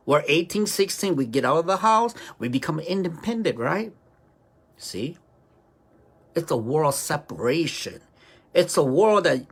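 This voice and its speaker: Woman commentator, unhurried, animated intonation, preachy and questioning. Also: low voice, husky. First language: Hmong. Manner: rhetorical, keeps asking "right?". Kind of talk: preachy opinion monologue.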